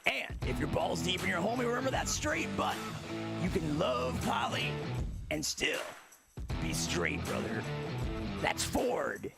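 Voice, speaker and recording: A woman putting on a brash, shouting male wrestler voice, doing a parody truck commercial. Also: fairly low pitch, sing-song, unhurried, creaky, loud music behind the voice, voice pushed down, full character voice. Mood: blustering. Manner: loud, over-the-top shouting delivery. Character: brash shouting male wrestler pitchman, calls everyone brother.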